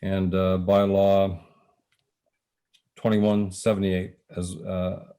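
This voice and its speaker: Low, flat-voiced Canadian mayor, halting. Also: male voice. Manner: halting, many filler pauses. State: losing his voice. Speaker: mayor chairing a council meeting. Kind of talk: chairing a council meeting.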